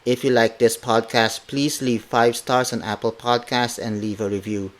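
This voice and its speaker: A man hosting a podcast, teaching words slowly and patiently, repeating each phrase several times and spelling it out letter by letter. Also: mid-range voice, little pitch movement. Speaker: podcast host teaching Tagalog. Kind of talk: slow language lesson with repeated drills. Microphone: podcast mic.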